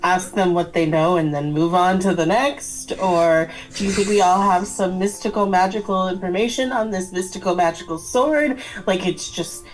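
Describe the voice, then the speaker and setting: Woman at a tabletop game, wry questioning tone, lowish voice. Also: normal speed, hardly any pauses, low-quality recording.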